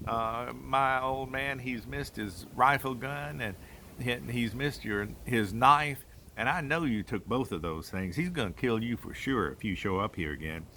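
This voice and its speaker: A man's voice: medium pitch, a little slow, noisy background, close to an everyday voice. An older man voicing the giant's old wife in a folk tale, scolding in a homespun way. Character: bossy old giant's wife, scolding but soft-hearted.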